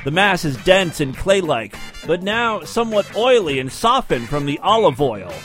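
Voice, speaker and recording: Man, high voice, scripted story narration, brisk, matter-of-fact, dry asides. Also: very animated, fairly bright tone, soft background music.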